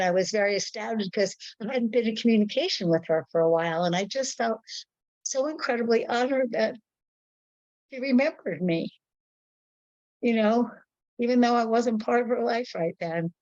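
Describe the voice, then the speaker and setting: A woman's voice: mid-range voice, no room sound, highs cut off. A woman sharing a personal memory in casual talk, rambling and searching for words, on a video call.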